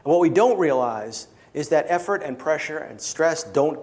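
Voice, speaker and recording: A man's voice: a little high, lively intonation, measured pace, a little mellow. A man giving a keynote talk with magic to a small gathering, telling stories playfully and leading the audience through participation.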